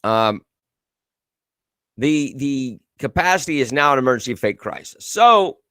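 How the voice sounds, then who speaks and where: Male host, casual sarcastic commentary, animated delivery, dead dry room. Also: mid-range voice, measured pace, smooth, no echo. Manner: sarcastic, reads viewer comments and news aloud. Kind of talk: casual live-stream commentary.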